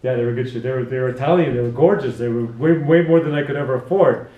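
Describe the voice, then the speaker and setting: A man's voice: medium pitch, quick pace, phone-quality sound. A male hairdresser telling stories in casual chat while cutting hair, full of asides and laughter. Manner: chatty storyteller, laughs often, full of asides. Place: hair salon. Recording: echoey salon room.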